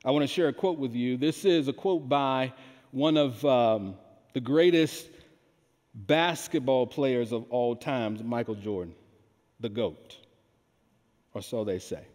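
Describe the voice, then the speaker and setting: Male pastor, deliberate sermon delivery, long hall echo. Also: mid-range voice, darkish tone. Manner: slow, emphatic delivery with call-and-response questions. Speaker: preacher. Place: large church hall.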